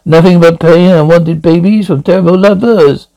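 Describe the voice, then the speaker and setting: A man doing a lofty female statue with a thick put-on French accent, pitched up high and full of gloom. She sounds weary of the world, her voice dark and gravelly underneath. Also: steady tone, moderate pace, rough recording. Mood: dramatic.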